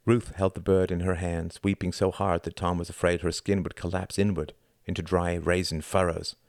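A man reading an audiobook in a measured, deliberate style. His voice sits very low. The recording is close and dry, with no room sound. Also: little pitch movement, no echo. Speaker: audiobook narrator. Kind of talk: scripted narration.

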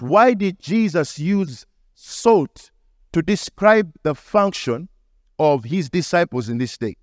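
A male pastor delivers a sermon with a fairly high voice. He teaches through stories and now and then acts out the people in them. The sound is dry and close, with hardly any room. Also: lively intonation, a little slow, no room sound. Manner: storytelling preacher, acts out the people in his stories.

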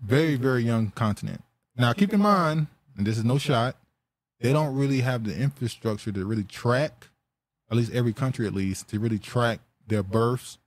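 Male podcast host, casual, rambling, quick to laugh. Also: medium pitch, no room sound. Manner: laughs often, rambling and joking.

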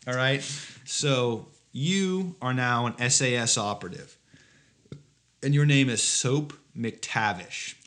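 A man's voice: mid-range voice, slow pace, a bit bright. A man co-hosting a comedy podcast, riffing sarcastically with mock outrage and swearing. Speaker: podcast co-host. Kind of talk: comedic casual chat.

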